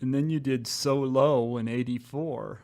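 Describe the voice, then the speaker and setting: A man's voice: mid-range voice, steady tone, a little slow, creaky, a little mellow. A man hosting a podcast and asking casual interview questions. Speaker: podcast host.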